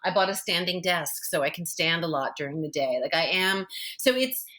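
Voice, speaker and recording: A woman's voice: on the low side, normal speed, pushed and bright. A woman in her fifties, a guest author talking candidly and chattily in a casual interview. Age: 50s. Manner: candid, chatty, lots of fillers.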